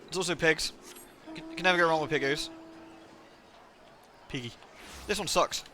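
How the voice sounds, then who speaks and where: A man's voice: a little high, moderate pace, pushed and bright, a little hiss or hum. A man chatting casually and playfully while live-streaming a game, reacting aloud and thanking viewers. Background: game music.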